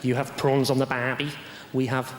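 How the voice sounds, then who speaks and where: Comedian telling a story on stage. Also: male voice, mid-range voice, flat delivery, moderate pace. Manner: storytelling that builds to shouting. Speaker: stand-up comedian. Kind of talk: stand-up comedy. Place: large theatre stage, live audience. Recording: echoey theatre with loud crowd noise.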